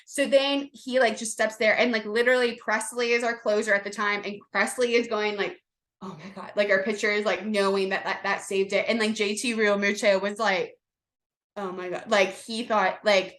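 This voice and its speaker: A woman co-hosting a casual sports chat podcast, rambling and excitable, with lots of fillers and restarts. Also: mid-range voice, moderate pace, hardly any pauses. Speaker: podcast co-host.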